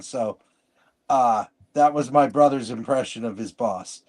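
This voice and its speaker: A man's voice: fairly high pitch, normal speed, darkish tone. A man co-hosting a casual podcast chat, rambling through stories with lots of restarts. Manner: rambling, storytelling, frequent restarts. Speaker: podcast co-host.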